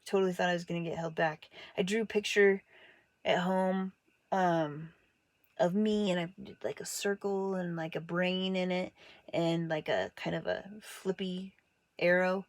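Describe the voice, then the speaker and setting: A woman from Montana telling personal stories about growing up, in a casual, candid way. She throws her voice up high when she quotes teachers and family, making the stories animated. The room sounds dry, with no echo. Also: measured pace. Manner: animated, acts out quoted voices with big pitch jumps. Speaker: artist telling her life story.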